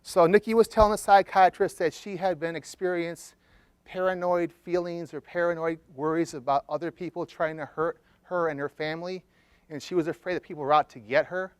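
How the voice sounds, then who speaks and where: A man's voice: on the high side, dry recording. A man, a therapist, presenting a case study to an audience in a conversational storytelling way, checking in with listeners as he goes.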